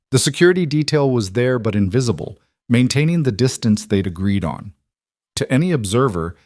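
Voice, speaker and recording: A man narrating a romance story in a measured, even storytelling manner. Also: lowish voice, no echo, clean studio sound.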